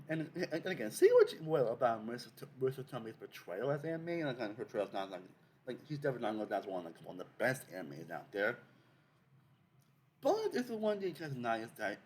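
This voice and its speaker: A man's voice: medium pitch, a little mellow, slight background noise. A young man hosting a casual video essay, rambling with many fillers and restarts.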